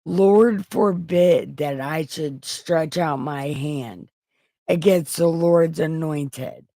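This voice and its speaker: A woman's voice: deep voice, takes it slowly, warm tone, no room sound. A woman livestreaming from home, reading scripture in a casual, irreverent way, crude and joking as she talks.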